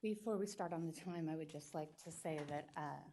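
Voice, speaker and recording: Quick, pointed woman attorney arguing. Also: low-pitched, mellow, a little hiss or hum. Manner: quick, pointed, argumentative delivery. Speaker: attorney representing a school district. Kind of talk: formal legal argument at a public hearing. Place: public meeting hearing room.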